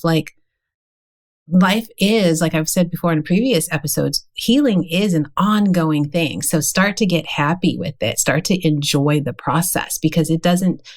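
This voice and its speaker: A woman co-hosting a podcast, speaking in a reflective, encouraging way. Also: sits low. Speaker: podcast co-host. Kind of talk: casual podcast chat.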